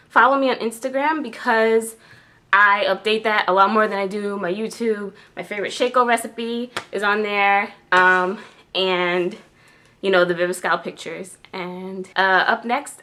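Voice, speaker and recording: A woman's voice: mid-range voice, fairly even intonation, measured pace, bright, forceful tone. A woman vlogger chatting casually to her viewers, full of "like" and "um" fillers. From New York. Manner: chatty, lots of "like" and "um". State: tearful with joy. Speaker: beauty vlogger. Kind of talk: casual chat to camera.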